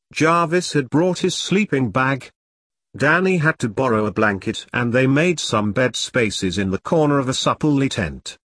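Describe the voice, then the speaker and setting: A man giving steady, measured scripted narration of an audiobook. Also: medium pitch, no echo, studio quality.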